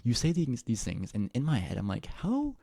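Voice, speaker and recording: A man with a very low, gravelly voice rambles to his audience in a personal monologue. He jumps between thoughts, restarts sentences and swears freely. The sound is dark and dry, close to the mic. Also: expressive, fairly quick, no echo. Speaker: vlogger.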